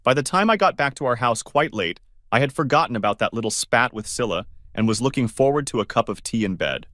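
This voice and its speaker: A man's voice: expressive, fairly quick, fairly bright tone, no echo, clean studio sound. A man reading a first-person story aloud and voicing every part himself. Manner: reads every part himself, raising his pitch for alarmed questions. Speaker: narrator.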